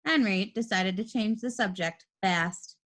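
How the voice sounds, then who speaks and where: A woman reading a children's storybook aloud, with expressive voice changes for the characters. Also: mid-range voice. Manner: lively, expressive reading with quick shifts for characters.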